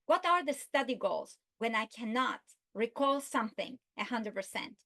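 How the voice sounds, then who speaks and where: A woman giving an instructional video lesson, speaking slowly and deliberately and stretching out her example words. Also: a little high, animated, pushed and bright. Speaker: literacy instructor.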